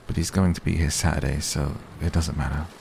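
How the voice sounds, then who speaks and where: A man voicing a wry, stubborn teenage girl in a soft, slow, whispered role-play reading. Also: very deep voice, fairly even intonation, vocal fry, a little hiss or hum, heavily acted. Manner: soft, slow, barely acted.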